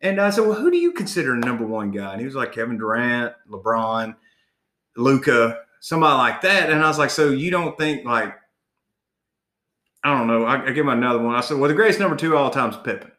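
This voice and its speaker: A man's voice: mid-range voice, sing-song, fast, bright, forceful tone, reverberant. A man co-hosting a casual sports chat, ranting in a heated, profane way.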